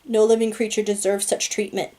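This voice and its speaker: A woman gives voice to a teenage boy hero, earnest and pleading in a storybook telling. The tone is mellow and dark, and the pitch stays flat. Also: fairly quick, lightly acted.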